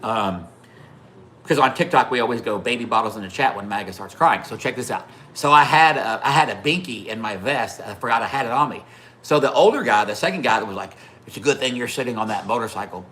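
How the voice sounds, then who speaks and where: Bright-voiced man swearing through live anecdotes. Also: medium pitch, lively intonation, fairly quick, slight background noise. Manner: talks to viewers by name between stories. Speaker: livestream host. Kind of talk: casual storytelling to a live chat.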